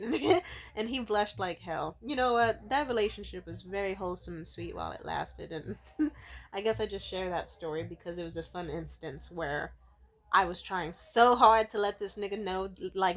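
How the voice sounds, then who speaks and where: Bright, profane young woman telling a story. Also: medium pitch, normal speed. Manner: candid, profane, laughing often. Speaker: vlogger. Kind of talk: casual storytime monologue.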